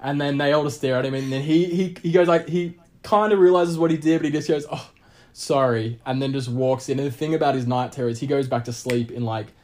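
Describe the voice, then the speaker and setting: A man from Australia, telling a travel story in casual chat, animated and rambling with lots of fillers and restarts. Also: on the high side, fast talker, hardly any pauses. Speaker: guest storyteller.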